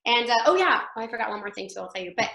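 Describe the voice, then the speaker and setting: A woman actress telling an anecdote as an interview guest, animated and chatty, laughing often and acting out what others said. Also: on the high side, rapid-fire, vocal fry, roomy sound, low-quality recording.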